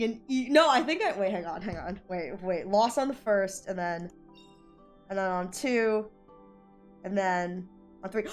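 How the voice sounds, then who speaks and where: A woman with a high voice chats casually on a live stream while she plays a game. She gets excited easily and repeats words again and again. Faint music plays behind her.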